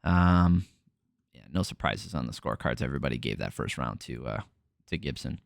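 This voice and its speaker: A man's voice: extremely low pitch, animated, normal speed, vocal fry, no room sound, clean studio sound. A man hosting a casual fight recap, talking bluntly with frequent swearing and filler words. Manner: blunt, frustrated, swears freely, many fillers. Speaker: MMA podcast host.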